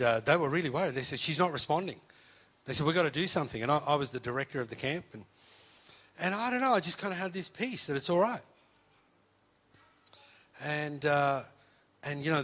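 A man, preaching and telling a testimony story, acting out the voices of the people in it. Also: a little high. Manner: animated, acts out quoted voices.

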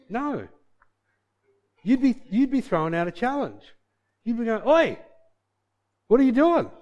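A man's voice: a little high, darkish tone. A man preaching a sermon in a chatty style, acting out little dialogues as he goes. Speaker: pastor.

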